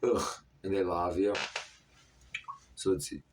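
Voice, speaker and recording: Give me a man in his thirties with a deep voice, talking in a scattered monologue a little away from the mic. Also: fairly even intonation, takes it slowly, background noise. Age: 30s. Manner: disjointed, jumpy stream of talk with many fillers. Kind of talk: rambling monologue to camera. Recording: voice a bit far from the mic.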